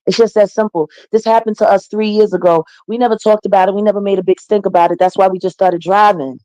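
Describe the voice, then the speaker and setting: A woman's voice: medium pitch, fairly even intonation, fast, warm tone, no echo, highs cut off. Combative middle-aged woman, dry close sound, profane guest storyteller. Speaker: interview guest. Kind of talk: profane phone interview.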